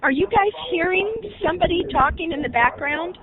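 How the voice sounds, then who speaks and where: An early intervention trainer leads a recorded webinar, speaking conversationally and putting questions to her audience. Her voice is very high and fairly quick, with crowd noise behind it on a dry, tinny, phone-like line.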